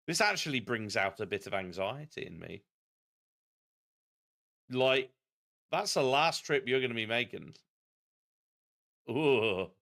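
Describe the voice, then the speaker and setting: A man streaming a geography game, chatting in an animated, self-deprecating way. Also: mid-range voice. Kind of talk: live-stream game commentary.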